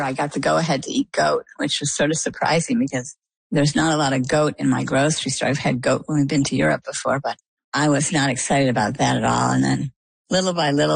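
A middle-aged woman from Maine with a bass-deep, gravelly voice and a breathy edge is interviewed in a low-quality recording with no room sound. She's an animated storyteller, recounting a personal tale and acting out people's words.

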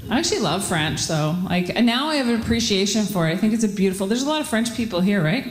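A woman from Ottawa doing a stand-up set, telling stories in a chatty, animated way with voiced asides. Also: medium pitch, fast talker. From Ottawa, Canada. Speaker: stand-up comedian. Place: theatre stage. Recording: roomy hall with live crowd.

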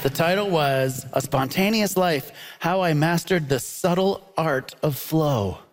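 A man's voice: a little high, unhurried. A man hosting a comedy panel show in an upbeat, jokey way, laughing often, on stage before a live audience. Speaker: game show host. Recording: live audience and noise behind.

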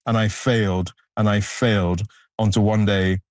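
A man's voice: fairly low pitch, fairly even intonation, normal speed, darkish tone, dry recording. A male photographer answering interview questions in an earnest, reflective way, stressing key points. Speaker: photographer, guest.

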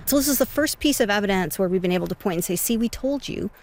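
A woman conservation scientist explaining emphatically and quickly in an interview. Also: mid-range voice, lively intonation, a little hiss or hum.

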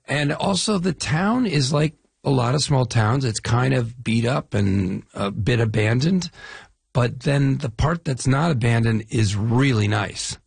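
A middle-aged man from the Chicago area, an actor guest in a casual interview, telling animated stories with lists and restarts. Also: mid-range voice, unhurried, gravelly, slightly rough, no room sound. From Chicago area, US Midwest.

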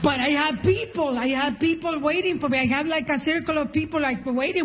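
A Nicaraguan woman with a Spanish accent performing a lively stand-up comedy set on stage, playful and punchy. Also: high voice, brisk, soft background music. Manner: animated, playful, chants and shouts punchlines. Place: comedy stage before a live audience.

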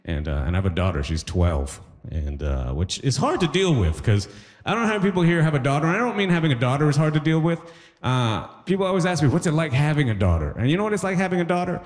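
Self-mocking comic in a big echoing hall. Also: male voice, on the high side, sing-song, quick pace. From Toronto area, Canada. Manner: conversational, self-mocking, laughs at his own jokes. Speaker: stand-up comedian. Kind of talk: stand-up comedy set. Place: large concert hall stage.

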